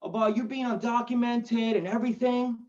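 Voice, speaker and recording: A man's voice: extremely high pitch, fairly even intonation, moderate pace, a little mellow, muffled recording. A male comedian voicing a chipper, pushy stranger who talks in a breezy, oblivious way. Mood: oblivious cheer. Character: chipper pushy young man, a stranger after a show.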